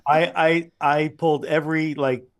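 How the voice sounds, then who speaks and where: A man as a guest telling relaxed anecdotes over a video call, often restarting his sentences. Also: a little high, normal speed, gravelly. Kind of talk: casual interview storytelling.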